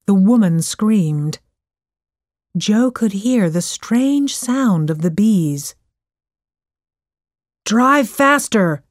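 A woman narrating an audiobook story in a clear, measured voice. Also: mid-range voice, animated, dark tone, dry recording, clean studio sound.

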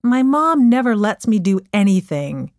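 A woman voicing a restless, annoyed teenage girl in a storybook reading, her lines pitched up and pleading. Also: big pitch swings, unhurried, darkish tone, dry recording, studio quality. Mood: sulky.

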